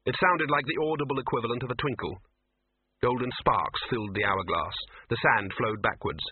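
A man narrating a story in an expressive, animated way. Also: mid-range voice, normal speed, slightly rough, no echo. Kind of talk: audiobook reading on radio. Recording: narrow phone-like radio sound, dry.

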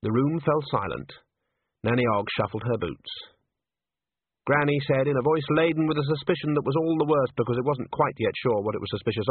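A man narrating an audiobook with expressive storytelling. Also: mid-range voice, fairly quick, husky, dry recording. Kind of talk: scripted narration. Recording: dry tinny narrow-band audio.

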